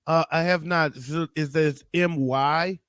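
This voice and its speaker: A man's voice: a little high, fairly even intonation, a little slow, a bit bright, clean tone, no room sound. A man from Detroit hosting a casual morning livestream, joking loosely, cursing freely and greeting viewers by name. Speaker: livestream host.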